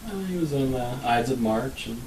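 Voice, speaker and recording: A man's voice: medium pitch, animated, moderate pace, a little mellow. A man co-hosting a podcast, chatting casually and rambling with fillers, recorded in a roomy space away from the mic. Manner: rambling, laid-back, trails off with fillers. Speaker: podcast co-host. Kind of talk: casual chat. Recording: roomy, distant mic, faint noise.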